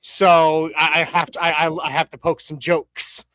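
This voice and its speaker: A man's voice: a little high, level tone, unhurried, pushed and bright, clear, resonant tone, no echo, low-quality recording. A man in his thirties co-hosting a casual sports talk show, rambling with many restarts and fillers and cracking jokes. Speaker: podcast co-host.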